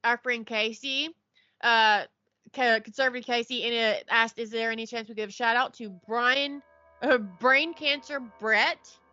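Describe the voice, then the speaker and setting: A woman co-hosting a podcast, chatty and upbeat as she gives shout-outs. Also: fairly high pitch, steady tone, a little slow, no room sound, lo-fi sound, soft background music. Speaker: podcast co-host. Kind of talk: casual podcast chat.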